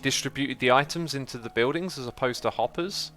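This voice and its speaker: A man hosting a casual livestream, calm and easygoing as he reads out chat and thanks viewers. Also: medium pitch, a little fast. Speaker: livestream host reading chat.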